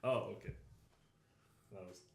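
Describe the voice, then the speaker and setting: A man's voice: a little slow, reverberant, a little hiss or hum. A man playing a tabletop game, rambling and giggling. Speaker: player. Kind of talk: casual tabletop game play.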